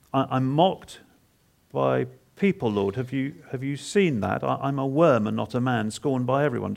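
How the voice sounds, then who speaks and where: A man preaching an expository sermon at a conference. He retells a psalm dramatically in the first person, halting and repeating words for emphasis. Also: mid-range voice, vocal fry, a little mellow.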